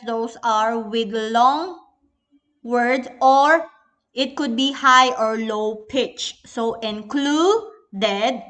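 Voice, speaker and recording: A Filipino-accented woman teaching a recorded English lesson, calling the class "everyone" as she goes. She speaks slowly and patiently. Her voice sits fairly high. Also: fairly bright tone.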